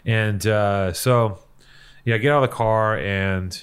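A man's voice: on the low side, slow, clear, resonant tone. A young man hosting a podcast, telling a heated story in casual chat and swearing freely. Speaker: podcast host.

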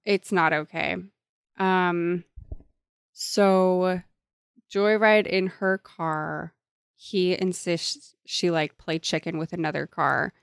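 A woman's voice: on the low side, fairly even intonation, slow pace, vocal fry, smooth, no room sound, studio quality. A woman in casual chat about a book, retelling scenes and quoting the characters. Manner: chatty, laughs easily, quotes characters. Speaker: co-host discussing a book. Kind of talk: casual chat recapping a plot.

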